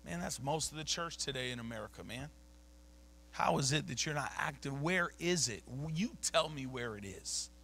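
A man's voice: mid-range voice, lively intonation, normal speed, vocal fry, bright, forceful tone, a little hiss or hum. A man preaching a sermon as a pastor, emphatic and conversational, dropping casual slang between points. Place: church sanctuary.

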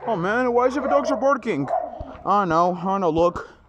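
A man's voice: high-pitched, lively intonation, normal speed. A man casually talking to his viewers in a vlog, rambling and repeating himself, often stumbling over his words. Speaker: vlogger. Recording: noisy with dogs barking. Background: dogs barking.

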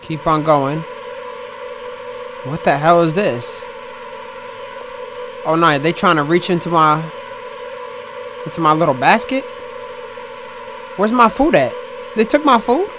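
A man's voice: a little high, expressive, takes it slowly, long pauses, noisy background. A man giving jumpy, exclaiming commentary while playing a horror game, talking back to what he sees on screen. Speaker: gaming YouTuber.

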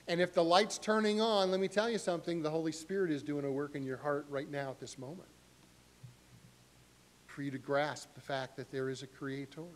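A middle-aged male pastor preaching a sermon in an animated way, acting out voices with sharp rises in pitch. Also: a little fast, slight background noise.

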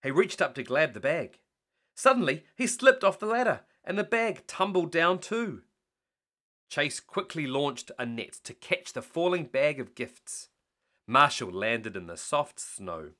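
Dad reading a bedtime story, really lively, bright voice. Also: male voice, a little high, a little slow. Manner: animated reading. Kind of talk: bedtime story read aloud.

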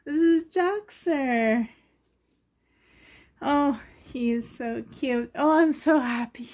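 A woman's voice: high-pitched, slow pace, a little mellow. A woman collector gushing with delight as she unboxes reborn dolls for a vlog.

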